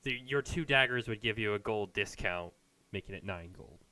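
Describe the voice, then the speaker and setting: A man's voice: on the low side, moderate pace, bright, forceful tone, no echo. A man narrating a tabletop game as game master, casual and laughing, with many fillers.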